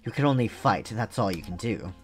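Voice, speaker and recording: A cool, formal prosecutor who lectures with composed authority, as a man puts him on. The pitch moves with life, and faint game music sits behind the voice. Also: lively intonation, brisk, lightly acted. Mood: stern. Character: stern, composed male prosecutor, proud and formal. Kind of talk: reading game dialogue aloud.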